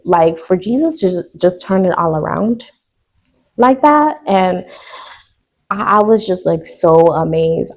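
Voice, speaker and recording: A woman's voice: lowish voice, slow pace, gravelly. A woman in her twenties telling a personal story to her viewers in a casual, emotional vlog. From United States. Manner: chatty, addresses viewers directly, emotional. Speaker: vlogger.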